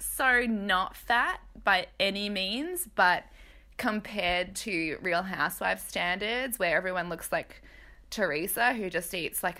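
A woman hosting a casual gossip commentary, candid and joking, with quick asides. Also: mid-range voice, bright, forceful tone. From Australia. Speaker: podcast host.

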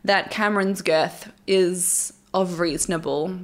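A woman's voice: on the low side, fairly even intonation, slow pace. A woman hosting a solo podcast at home, recapping a show in a candid, wry, chatty way with frequent laughs. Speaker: podcast host. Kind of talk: solo casual recap commentary. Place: at home alone with her cats.

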